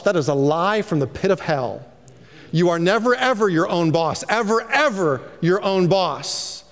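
High-voiced pastor preaching in a hall. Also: male voice, moderate pace. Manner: animated, preachy, calls for amens. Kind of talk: sermon.

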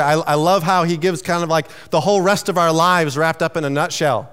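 A man preaches in a fairly high, smooth, resonant voice. He talks casually, teasing himself and stumbling over restarts. His voice rings with the long reverb of a large hall. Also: steady tone, a little fast, few pauses, fairly bright tone. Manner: conversational, self-teasing, with stammered restarts. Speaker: pastor. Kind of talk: sermon.

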